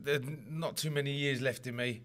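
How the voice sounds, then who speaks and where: A man's voice: mid-range voice, steady tone, normal speed, a bit bright. A man, chatting in an interview, rambling and repeating words, laughing often. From London. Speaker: interviewee, rugby league player. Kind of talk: casual interview chat.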